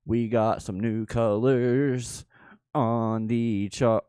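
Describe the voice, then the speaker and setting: Unhurried, smooth-voiced male streamer, playful and jokey, dry close sound. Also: medium pitch, steady tone, mellow, dry recording. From Southern United States. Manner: playful, joking, laughs often. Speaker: livestream host. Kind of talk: casual livestream chat.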